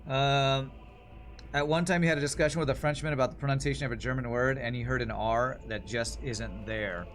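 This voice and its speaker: A man's voice: mid-range voice, fairly even intonation, brisk, fairly bright tone, slight background noise. An American man giving chatty, rambling gameplay commentary on a stream, reading chat and reacting with amusement. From United States.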